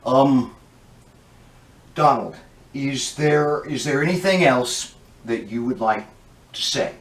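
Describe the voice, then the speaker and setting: A man's voice: medium pitch, takes it slowly. A man hosting a comedy web show as a mock interviewer, exasperated, scolding and crude in manner. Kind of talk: mock interview talking to an empty chair. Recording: echoey room, voice far from the mic.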